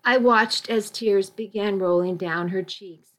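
A woman narrating a first-person story as an audiobook, in a measured, steady storytelling manner. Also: mid-range voice.

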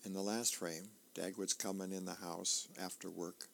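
A man reading the newspaper aloud as a volunteer for a radio reading service. His voice is low with a gravelly edge, unhurried, with the odd filler as he describes comic panels. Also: flat delivery, a bit bright, a little hiss or hum. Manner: plain, unhurried, with small fillers.

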